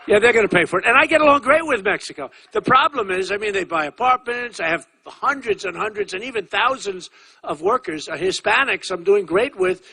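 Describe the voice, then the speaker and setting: An American political candidate in his sixties speaks at a rally in a high, animated, brisk voice with a bright, forceful tone. His campaign speech is repetitive and boastful, conversational, and dotted with asides to the crowd.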